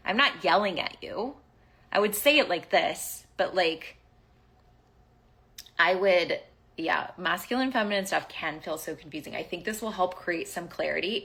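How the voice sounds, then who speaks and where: Podcast host, woman in her forties, bright and slightly low, candid storyteller. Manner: candid, animated, swears casually. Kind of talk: personal storytelling.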